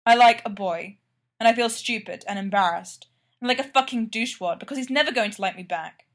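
A woman's voice: on the high side, a little fast, fairly bright tone. A woman reading aloud, voicing a blunt young man who swears casually and sounds weary in a fan fiction story. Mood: glum.

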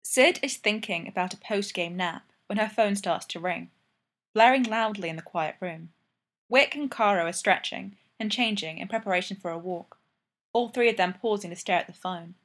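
A woman narrating a fan story aloud in a steady, even way. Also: mid-range voice, normal speed. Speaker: fanfiction reader.

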